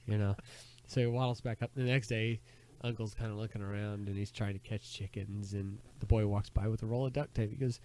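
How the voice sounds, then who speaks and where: A man co-hosting a casual podcast, telling crude jokes and putting on loud voices for the people in them. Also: lowish voice, expressive, fairly quick. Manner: bawdy joke-telling, loud character voices. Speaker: podcast co-host. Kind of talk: casual chat. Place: back porch, outdoors.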